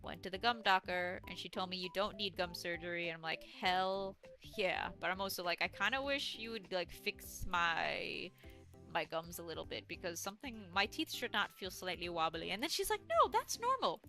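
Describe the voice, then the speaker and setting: A woman's voice: lowish voice, sing-song, moderate pace, bright, forceful tone, soft background music. A young woman livestreaming as she plays a game, rambling through stories and chat with plenty of swearing, her throat dry and a little sore. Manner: rambling, chatty storytelling with frequent swearing. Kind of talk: casual chat while gaming.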